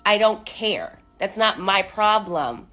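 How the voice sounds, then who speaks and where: A woman's voice: mid-range voice, lively intonation, slow pace, sharp tone, soft background music. A woman telling a personal story in a blunt, sassy, profane way. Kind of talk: casual storytelling.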